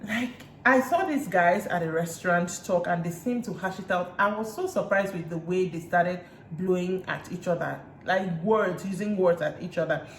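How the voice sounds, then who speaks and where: A Nigerian woman recapping reality TV in a chatty way, retelling scenes with lively asides. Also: on the low side, normal speed. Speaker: reality TV reviewer. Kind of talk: casual recap chat. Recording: roomy room echo, faint hiss.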